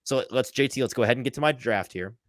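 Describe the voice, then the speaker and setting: A man hosting a sports podcast, talking casually in an animated, sarcastic way, firing off ideas with quick restarts. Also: medium pitch, no room sound, studio quality. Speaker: podcast host.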